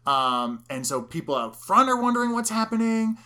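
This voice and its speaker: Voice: medium pitch, sing-song, moderate pace, bright, forceful tone. Chatty podcaster recapping a movie. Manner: retells scenes, acting out the characters' lines. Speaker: podcast co-host. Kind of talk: casual movie recap chat.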